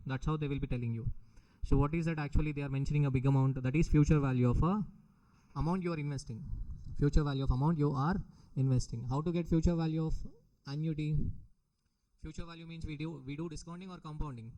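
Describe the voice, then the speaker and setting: A middle-aged Indian English-accented man delivers a recorded exam-prep lecture. His voice sits on the higher side for a man. He repeats each point and keeps checking whether the students follow. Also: steady tone, fast, warm tone, poor audio. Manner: repetitive, questioning the students often. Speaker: teacher.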